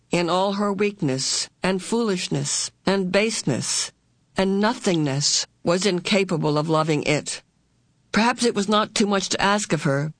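A woman reads a story aloud at an unhurried, measured pace, each phrase given weight and feeling. Her voice sits at an ordinary middle pitch and sounds close and dry, with no room around it. She narrates with care and heart, lifting into the characters when they speak. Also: dry recording. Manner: slow, deliberate, heartfelt delivery that rises into the characters' voices. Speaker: audiobook narrator. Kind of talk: expressive storybook reading.

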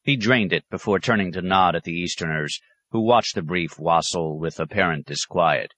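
A man narrating an audiobook in a measured, even storytelling manner. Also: low voice. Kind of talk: scripted narration.

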